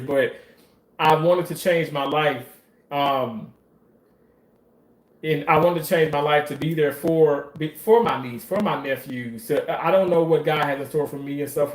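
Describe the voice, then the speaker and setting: A man talking in a casual monologue about his work in surgery, animated, profane and emotional as he tells stories. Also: on the high side. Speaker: surgical staff commentator. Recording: roomy echo.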